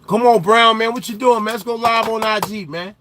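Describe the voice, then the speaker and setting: A young male trucker hosting a casual livestream, chatting with viewers in loose slang and getting loud and animated as he teases the chat. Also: high voice, fairly quick, background noise. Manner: loose slang-heavy banter, gets loud and animated when teasing chatters.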